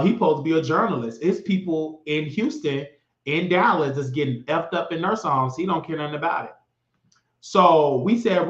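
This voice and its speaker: A man rants in a heated, mocking and sassy way as he hosts a political commentary show. His voice sits fairly high. The recording is dull and lo-fi, with a roomy echo around him. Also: a bit bright. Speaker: show host. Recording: echoey, dull lo-fi room sound.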